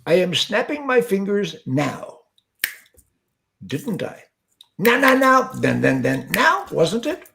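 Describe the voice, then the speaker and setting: Man impersonating an older Indian guru, put-on accent, gravelly, playful. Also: sits high, big pitch swings, takes it slowly, long pauses, pushed and bright, slight background noise, heavily acted. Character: older male Indian guru talking about now.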